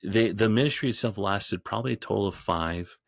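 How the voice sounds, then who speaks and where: A man who is a podcast guest, telling a story in a rambling way with frequent restarts and growing animated as he goes. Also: lowish voice, brisk, vocal fry, dry recording, studio quality. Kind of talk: storytelling in an interview.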